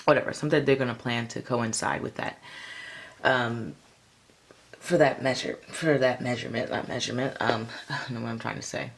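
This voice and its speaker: A woman's voice: very deep voice, steady tone, brisk, gravelly. A woman giving a casual tarot reading, rambling with lots of fillers. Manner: rambling, filler-heavy, chatty. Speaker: tarot reader.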